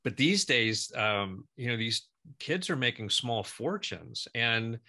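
Bright-voiced man hosting chat. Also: medium pitch, lively intonation. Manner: conversational, leading questions, brisk asides. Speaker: host. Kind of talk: casual interview.

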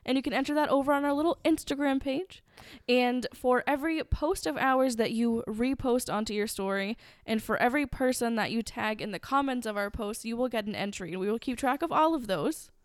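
A woman's voice: a little high, fairly quick, few pauses, dry recording. Chatty, playful woman podcast co-host. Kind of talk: casual podcast chat.

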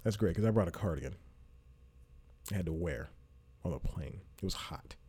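A man's voice: low-pitched, lively intonation, moderate pace, mellow, husky. A man hosting a casual solo podcast from a small apartment room, rambling and self-mocking, laughing often. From Georgia, USA. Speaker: podcast host. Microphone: headphones and studio microphone.

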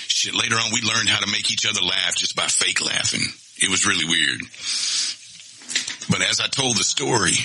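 A man with a fairly low voice recounts his own story as a podcast host, blunt and profane. He is candid and openly emotional as he talks. A noticeable wash of background noise runs beneath him. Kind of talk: personal storytelling monologue.

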